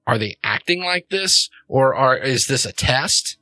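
Brief: male game master, bright voice, dry close sound, loose meandering narration. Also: mid-range voice, measured pace, no room sound. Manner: relaxed, rambling with fillers. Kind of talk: narrating a tabletop role-playing game.

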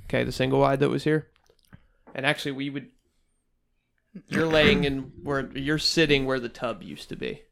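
A man's voice: mid-range voice, normal speed, creaky, pauses often, fairly bright tone. A man telling a story on his podcast in casual, profane chat, blunt and plain-spoken. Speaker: podcast co-host.

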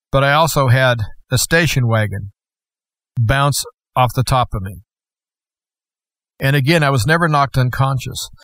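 A man's voice: mid-range voice, a bit bright, no room sound. Earnest man with a dry voice. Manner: earnest, deliberate storytelling. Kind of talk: personal testimony.

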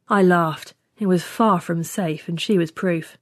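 A woman's voice: on the low side, measured pace, hardly any pauses, no echo, studio quality. A woman reading a science fiction story aloud in the first person with a wry tone. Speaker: story reader. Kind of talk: scripted narration.

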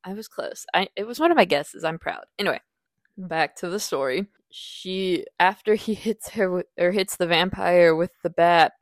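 A woman's voice: moderate pace, no echo. A young woman hosting a casual podcast book review, rambling and correcting herself as she retells the plot. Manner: rambling, self-correcting, acts out quoted lines in a higher voice.

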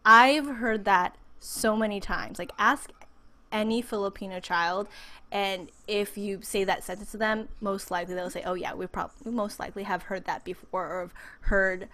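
A woman's voice: medium pitch, steady tone, normal speed, sharp tone. A woman raised in the United States, a podcast guest in a casual interview, talking with animation and acting out the voices she quotes.

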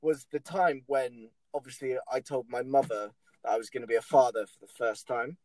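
A man's voice: medium pitch, steady tone, darkish tone, no room sound, rough recording. A young English man co-hosting a podcast, telling stories in casual sweary banter with lots of fillers and laughter. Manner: laughing, fast-talking storyteller with lots of fillers. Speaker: podcast co-host.

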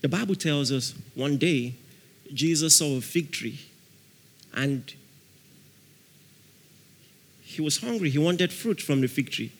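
A man preaching a sermon as pastor, acting out voices in his stories and shouting example prayers. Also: on the high side, lively intonation, slow, long pauses. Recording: long hall reverb.

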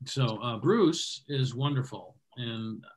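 A man's voice: medium pitch, takes it slowly, slight background noise, low-quality recording. A man hosting a comedy show, introducing the next comic with wry, joking asides.

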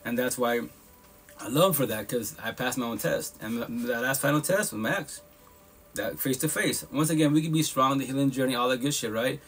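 A man with a husky voice talks at a quick clip. He hosts a live podcast and gives casual, heartfelt advice, blunt and profane, repeating himself for emphasis. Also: mid-range voice, a bit bright, soft background music.

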